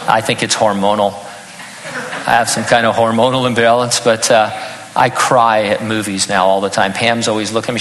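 A man's voice: lowish voice, flat delivery, fairly quick, long reverb tail, background noise. An older man preaching a sermon in an earnest tone, breaking into humorous personal stories. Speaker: pastor.

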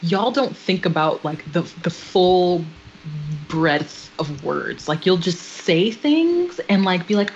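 A woman co-hosting a podcast in casual chat, explaining things in a measured, counselor-like way. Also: fairly low pitch, animated, muffled recording, slight background noise. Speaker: podcast co-host.

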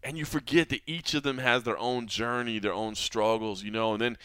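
A man's voice: mid-range voice, fairly even intonation, fairly quick, sharp tone, clear, resonant tone, dry recording. A man hosting a podcast about mixed martial arts, talking in an earnest, reflective way, often saying "man" and "you know". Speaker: podcast host. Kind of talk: casual podcast chat.

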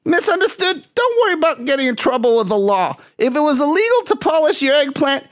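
A man's voice: very high-pitched, big pitch swings, brisk, pitched above the performer's own voice. A man doing a taunting puppet bully. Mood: gloating. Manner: taunting, gloating. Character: smug mocking puppet bully.

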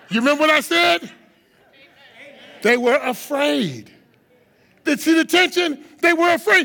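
A man with a strikingly high, bright, forceful voice preaches from the pulpit, lively and theatrical. Gravel creeps into his tone, and his words ring out in a large hall with long reverb. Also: a little slow. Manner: animated preaching, acts out voices of disciples with sudden high shouts. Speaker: guest speaker. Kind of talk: sermon.

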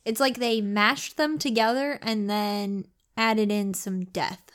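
A woman's voice: medium pitch, fairly even intonation, slow pace, a bit bright. A woman in casual, playful conversation, chatting and bantering about an audiobook she enjoyed. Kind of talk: casual book review chat.

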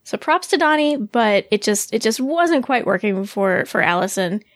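A woman co-hosting a podcast in casual chat, animated and laughing often as she talks. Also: medium pitch, normal speed, no echo. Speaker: podcast co-host.

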